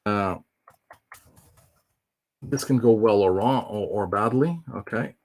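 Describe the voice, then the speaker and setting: A man's voice: lowish voice, takes it slowly, a little mellow. A man presenting a live online tech demo, explaining in a casual, filler-heavy way.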